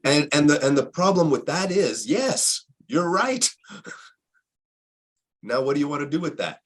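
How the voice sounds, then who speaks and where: A man in a reflective spiritual conversation who repeats phrases and asks himself rhetorical questions, with a husky voice. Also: a little high, animated, fast talker.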